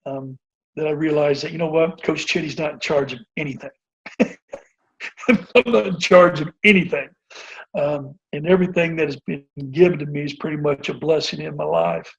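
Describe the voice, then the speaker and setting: Speaking at a normal speed, a husky-voiced man in his forties who coaches basketball meanders through an earnest interview anecdote, stumbling over fillers and starting sentences over. His pitch runs fairly high, and the recording sounds muffled and low-fidelity.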